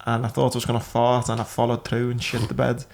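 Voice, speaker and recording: A man's voice: mid-range voice, monotone, fast talker, creaky, darkish tone. A man hosting a podcast, telling crude, funny anecdotes in a casual, chatty way. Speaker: podcast host. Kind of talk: casual chat.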